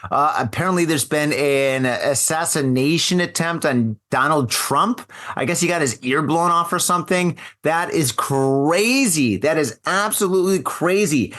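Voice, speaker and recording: A man's voice: on the high side, a bit bright. A middle-aged man hosting a casual live podcast over a video call, rambling, joking and repeating himself. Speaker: podcast host.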